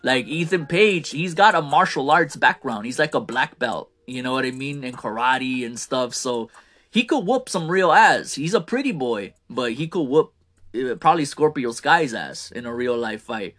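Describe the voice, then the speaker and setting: A man's voice: mid-range voice, expressive, moderate pace, a bit bright. A man hosting a casual wrestling commentary show, ranting with fired-up opinions and trailing off on the ends of phrases.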